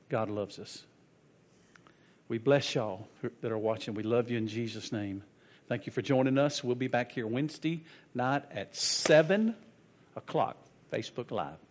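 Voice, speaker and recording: A man preaching a sermon as pastor and leading a prayer in a reverent, earnest way. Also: mid-range voice. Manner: slow, soft and reverent in prayer, loud and animated when telling a story.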